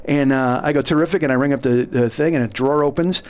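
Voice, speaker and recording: A middle-aged man, a comedian guest, telling a long story in a casual, animated way, laughing and acting out the other people's lines. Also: mid-range voice, fast talker, clean tone.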